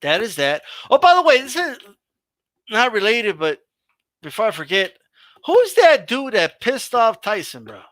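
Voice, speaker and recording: Brief: high-pitched man, bright edge, dry close mic, loose slangy stream host. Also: measured pace, no echo. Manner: animated, swearing, laughing, slangy. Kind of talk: casual boxing chat on a livestream.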